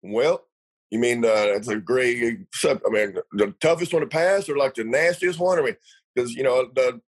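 A man's voice: medium pitch, moderate pace, husky, rough recording. A middle-aged man, a retired racer telling salty stories in a casual interview, rambling with lots of fillers and laughs.

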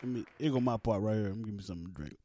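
A man's voice: lowish voice, rapid-fire, mellow. A man hosting a podcast alone, talking in a playful, jokey, slangy way. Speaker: podcast host. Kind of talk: casual solo podcast chat.

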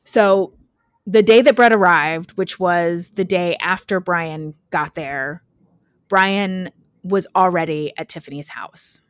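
A woman's voice: on the low side, takes it slowly, no room sound. A woman hosting a podcast, casually telling a true crime story with frequent fillers and laughs. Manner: chatty, laughs often, lots of "like" fillers.

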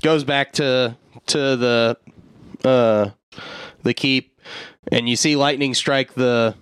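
A man's voice: mid-range voice, steady tone, takes it slowly, a bit bright, clean tone, dry recording, studio quality. A man co-hosting a podcast, retelling a film's plot in a loose, profane, joking way and slipping into quoted lines. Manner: loose, profane storytelling that jumps into quoted voices. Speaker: podcast co-host. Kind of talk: casual movie recap chat.

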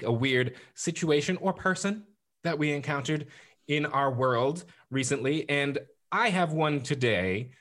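A man co-hosting a podcast, telling stories in animated casual chat and laughing easily. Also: fairly high pitch. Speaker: podcast co-host.

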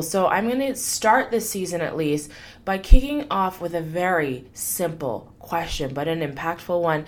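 A woman hosting her own life-coaching podcast, talking in an upbeat, chatty, encouraging way. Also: medium pitch. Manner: upbeat, chatty, warm enthusiasm with frequent laughs. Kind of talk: motivational podcast monologue.

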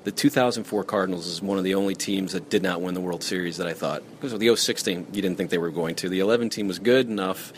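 A middle-aged male broadcaster fires off quick, rambling questions in a lowish voice. He restarts his sentences often as he talks. A faint hiss sits under him. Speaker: broadcaster, interviewer. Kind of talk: conversational interview questions.

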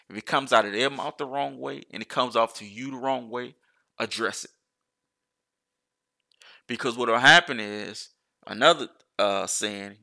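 Man, casual solo rant, bright tone, profane, rambling restarts. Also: mid-range voice, vocal fry. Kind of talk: casual monologue.

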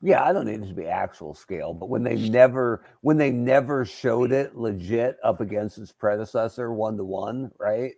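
A man's voice: on the low side, normal speed, creaky, few pauses, darkish tone, no echo. A man co-hosting a casual livestream, trading dry jokes. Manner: dry joking banter. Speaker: podcast co-host.

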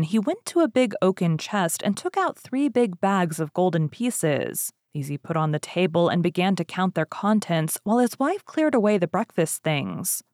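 A woman reading a fairy tale aloud as a storyteller, lively and expressive. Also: fairly low pitch, no echo, studio quality.

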